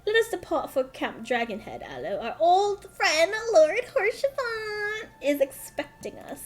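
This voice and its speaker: A woman voicing an earnest young male scholar-diplomat in a game, with formal, measured, old-fashioned phrasing. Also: fairly high pitch, huge pitch swings, husky, soft background music, exaggerated voice. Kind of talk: reading game dialogue aloud.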